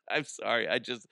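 A man's voice: medium pitch, gravelly, bright, forceful tone, no room sound. Crude rambling man riffing. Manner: crude, rambling, laughs often. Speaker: podcast host. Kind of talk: comedic monologue.

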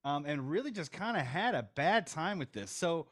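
A man's voice: on the high side, sing-song, moderate pace, a bit bright, no echo, clean studio sound. A man hosting a podcast, recapping behind-the-scenes stories casually and handing questions to his guests. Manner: recaps trivia in a storytelling way, hands off to guests. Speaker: podcast host. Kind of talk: casual chat.

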